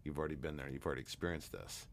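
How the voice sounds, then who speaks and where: A man, a hypnotherapist guest, telling a long anecdote in a relaxed, rambling way with many fillers. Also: extremely low pitch, racing, a little hiss or hum. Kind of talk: storytelling interview talk.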